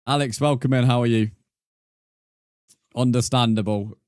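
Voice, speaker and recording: A man's voice: medium pitch, steady tone, moderate pace, darkish tone, dry recording, studio quality. A young man streaming a game, casually reading out and answering his chat with frequent laughs. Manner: chatty, reads and answers chat messages, laughs often.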